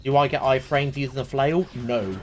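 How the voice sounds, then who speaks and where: A man's voice: mid-range voice, steady tone, moderate pace, faint music behind. A man chatting, teasing and swearing playfully during a live game stream. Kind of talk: casual live-stream chat.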